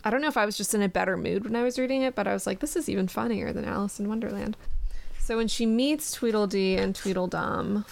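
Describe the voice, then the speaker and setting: A woman with a gravelly, fry-edged voice talks through a book in a relaxed podcast chat. She laughs easily and breaks off now and then to read passages aloud. Her pitch sits in an ordinary middle range. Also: quick pace. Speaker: podcast host. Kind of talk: casual book discussion chat.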